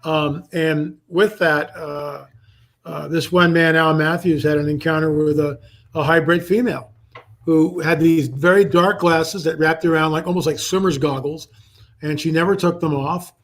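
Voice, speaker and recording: An older man speaks over a remote call as a guest researcher. His voice sits fairly high for a man. He tells his story with animation and acts out the quoted voices as he goes. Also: fairly even intonation, normal speed, low-quality recording. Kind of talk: storytelling in a live online interview.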